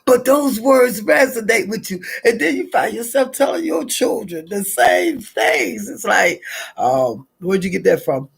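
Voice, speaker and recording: A middle-aged woman from the American South talks in a chatty, drawling Southern accent. Her voice is gravelly and husky, with a rough texture. She rambles warmly through stories and laughs often. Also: a little high, big pitch swings, a little slow. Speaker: vlogger. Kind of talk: casual morning chat and storytelling.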